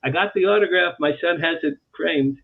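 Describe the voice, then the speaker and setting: A man, an author guest on an interview show, telling animated anecdotes and repeating phrases for emphasis. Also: a little high, moderate pace. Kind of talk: storytelling in a talk-show interview. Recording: tinny phone-like line.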